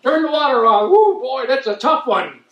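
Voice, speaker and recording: A man's voice: very high voice, animated, normal speed, highs cut off, a little hiss or hum. A man doing a rambling, self-mocking stand-up set at a community event. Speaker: stand-up comedian. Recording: roomy hall, mic heard from a distance.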